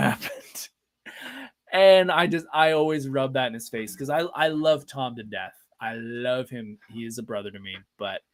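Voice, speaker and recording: Chatty man telling podcast stories. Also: medium pitch. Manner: chatty, anecdotal, self-deprecating. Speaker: podcast host. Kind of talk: casual live podcast storytelling.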